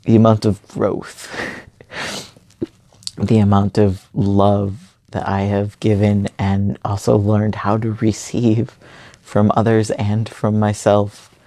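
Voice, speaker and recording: A young man giving an earnest, halting personal monologue late at night. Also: fairly low pitch, completely flat delivery, mellow, no echo.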